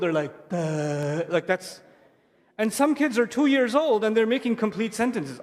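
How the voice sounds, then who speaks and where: A man giving a lecture to parents, telling stories in a lively way and acting out a small child's voice. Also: very high voice. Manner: lively storytelling, acts out a child's voice. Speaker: Islamic speaker. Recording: long hall reverb.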